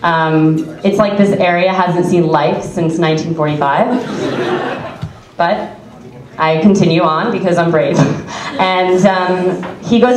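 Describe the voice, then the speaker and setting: A woman's voice: fairly low pitch, unhurried. A young adult woman telling a chatty stand-up story, laughing through her lines. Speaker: stand-up comedian. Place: comedy club stage with audience. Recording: echoey club from far off, crowd.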